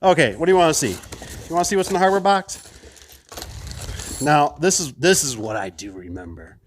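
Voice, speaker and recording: A man talking through a casual unboxing vlog, full of enthusiasm and wandering off on asides as he goes. His pitch swings widely and lively, and a faint hum of noise sits behind him. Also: normal speed. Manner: chatty, enthusiastic, rambling asides to viewers. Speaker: garage door installer.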